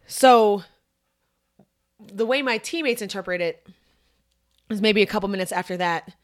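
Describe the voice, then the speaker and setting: A young woman co-hosting a podcast. She tells a story in loose, casual chat. Her voice sits in a middling range, and her telling is animated, with plenty of swearing. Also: medium pitch, unhurried. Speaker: podcast co-host.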